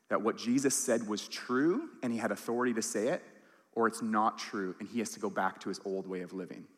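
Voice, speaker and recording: Earnest male pastor preaching in a hall. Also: lowish voice. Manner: earnest, emphatic preaching with quoted lines acted out. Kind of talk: sermon.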